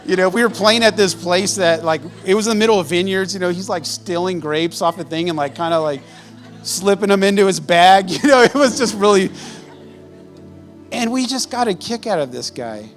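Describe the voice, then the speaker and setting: Pastor preaching in a relaxed storytelling way. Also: male voice, high voice, moderate pace, soft background music. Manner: conversational storytelling, laughs often. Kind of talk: sermon.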